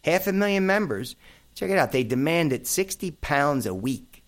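A man's voice: on the high side, expressive, moderate pace. A middle-aged man hosting a casual chat, rambling through memories with plenty of fillers and asides. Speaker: host.

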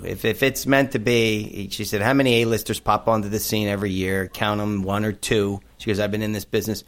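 A middle-aged man hosting a radio talk show, upbeat and chatty, often starting lines with "hey". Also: fairly low pitch. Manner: upbeat, says "hey" a lot, storytelling.

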